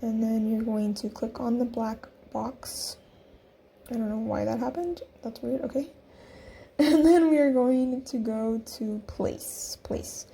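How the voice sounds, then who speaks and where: Young adult woman, chatty tutorial host; mellow, slightly gravelly tone, faint background hiss. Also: on the high side, fairly even intonation, slow pace. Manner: chatty, giggly, talks through each click. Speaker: design tutorial creator. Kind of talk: casual screen-recorded tutorial.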